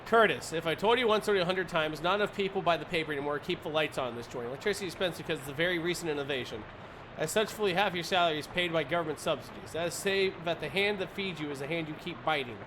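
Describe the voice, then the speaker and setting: A man's voice: fairly high pitch, very fast, noisy background, lightly acted. A man voicing a blustering male newspaper editor-in-chief, reading his firing notes in a brash, bossy way.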